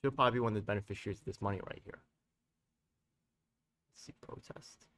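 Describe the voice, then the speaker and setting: Streaming live as a community activist, this man speaks on the low side with a slightly bright sound, sitting far from the microphone. His delivery is heated, rambling, and profane, loaded with street slang and frequent quick tag questions aimed at his audience.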